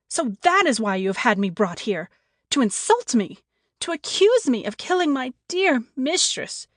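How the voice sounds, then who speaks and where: A woman's voice: dry recording, clean studio sound. A woman playing a cornered fake French maid. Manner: shrill, indignant protests. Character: cornered female maid posing as French, defiant. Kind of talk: amateur audiobook play reading.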